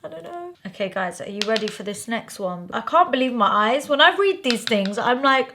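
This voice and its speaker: A woman's voice: on the high side, moderate pace. Chatty woman doing a makeup tutorial. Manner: chatty, animated reactions, calls viewers babe and honey. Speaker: makeup vlogger.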